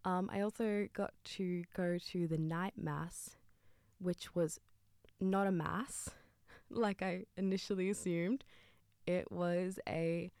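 Young woman, upbeat radio presenter, lowish voice, dry studio sound. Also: fairly even intonation, slow, a little mellow, clear, resonant tone, no room sound. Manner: enthusiastic and chatty.

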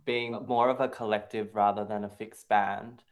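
A man interviewing a band in a relaxed, casual way, asking long questions. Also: on the low side, normal speed.

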